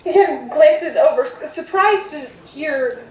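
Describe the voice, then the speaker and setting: A woman running a tabletop game, narrating scenes with a hesitant, searching delivery. Her voice is high. The room sounds echoey and she sits away from the mic, with faint noise behind. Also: expressive, unhurried, darkish tone, far from the mic. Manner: hesitant, full of fillers and restarts. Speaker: game master.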